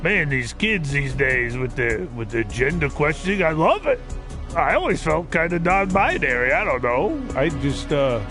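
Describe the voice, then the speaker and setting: A man voicing a gruff, rambling old progressive Italian man with a put-on Italian accent. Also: a little high, very animated, normal speed, music in the background. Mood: wistful. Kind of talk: comic impression while gaming.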